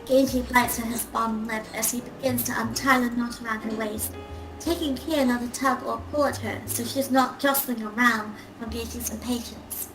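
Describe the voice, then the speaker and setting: A woman with a New Zealand accent reads a story aloud to friends in a high, bright-pitched voice. She trips over words now and then, with music playing clearly behind her. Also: steady tone, normal speed, low-quality recording. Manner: stumbles and laughs while reading. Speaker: reader of fan fiction. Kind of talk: reading aloud to a group.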